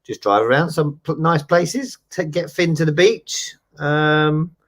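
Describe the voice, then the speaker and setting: A man's voice: a little high, a little slow. A man co-hosting a casual chat, full of dry, teasing banter. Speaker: co-host.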